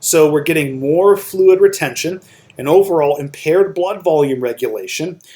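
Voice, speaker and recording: A man's voice: on the high side, moderate pace, dark tone. A man giving a recorded lecture over slides, explaining step by step and checking in with "right?" and "okay?".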